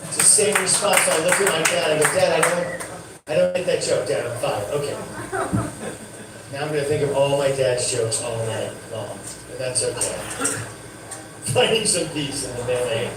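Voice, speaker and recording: A man's voice: mid-range voice, moderate pace. A man hosting a comedy night, telling loose, chatty stories and joking as he introduces acts. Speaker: comedy show host. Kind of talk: emceeing and stand-up. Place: comedy club stage. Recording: echoey club, distant mic, room noise.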